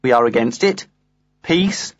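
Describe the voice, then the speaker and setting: A man reading a comic diary aloud in the first person, earnest and lively. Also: medium pitch, a little slow, dry recording, highs cut off. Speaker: audiobook reader.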